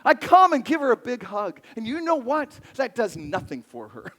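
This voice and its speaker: A high-voiced male pastor preaches in a playful, lively way, his pitch swinging widely as he jokes with the crowd. His voice carries a long reverb from the large church sanctuary. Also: moderate pace, slight background noise. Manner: animated, playful, jokes with the congregation. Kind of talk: sermon.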